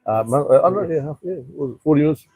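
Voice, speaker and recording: A man's voice: on the high side, animated, racing, creaky, darkish tone, slightly rough, dry recording. A man chatting on a rambling live stream from an outdoor rooftop bar, swearing freely and reading out viewer comments. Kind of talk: casual live stream chat.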